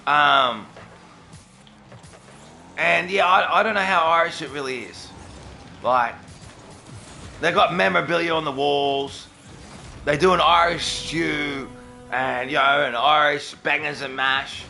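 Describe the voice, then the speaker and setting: A man's voice: on the high side, takes it slowly, gravelly, long pauses, pushed and bright, faint music behind. A young Australian man with an Australian accent, chatting casually with viewers on a livestream and answering them by name. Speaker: streamer.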